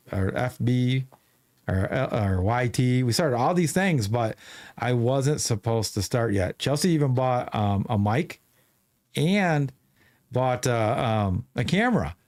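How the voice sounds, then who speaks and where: A man's voice: mid-range voice, expressive, measured pace, a little mellow. A man hosting a podcast, telling a long story in casual chat with many restarts. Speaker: podcast host.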